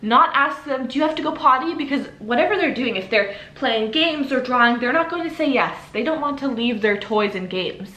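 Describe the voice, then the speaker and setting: A woman's voice: on the high side, expressive, moderate pace, few pauses, sharp tone. A young woman vlogging casual parenting advice to camera in an upbeat, chatty way, full of "like" and "you know". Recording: echoey room.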